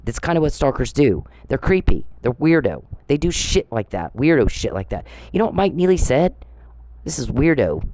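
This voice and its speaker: A woman's voice: low-pitched, sing-song, fairly quick, hardly any pauses, mellow, no room sound. A middle-aged woman giving an angry monologue to camera, confrontational and sarcastic, swearing and firing off rhetorical questions. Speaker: vlogger.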